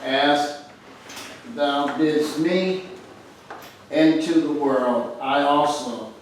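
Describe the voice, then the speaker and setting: A man in a church Bible study reading scripture aloud in a measured way and adding his own halting thoughts. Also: on the high side, steady tone. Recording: echoey room, far from mic, faint noise.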